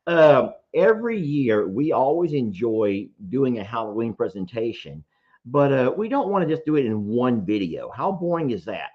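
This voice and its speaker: A man hosting a casual live show, telling stories in an animated way, often laughing. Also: medium pitch, moderate pace. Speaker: host. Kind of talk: casual livestream chat. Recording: dull lo-fi stream audio.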